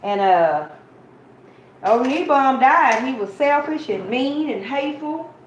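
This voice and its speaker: A woman's voice: high-pitched, lively intonation, takes it slowly. A woman preaching an informal sermon, telling a Bible story in a chatty, conversational way and calling her listeners y'all. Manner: conversational, addresses listeners as y'all, acts out quotes. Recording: muffled, roomy, faint hiss.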